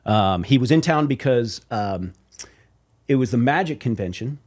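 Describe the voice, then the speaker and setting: A man's voice: mid-range voice, moderate pace. A man from Las Vegas, a professional drummer and podcast guest, telling stories in casual chat, slangy and swearing, calling people "bro". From Las Vegas, USA. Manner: animated, slangy, swears, says "bro", acts out quotes.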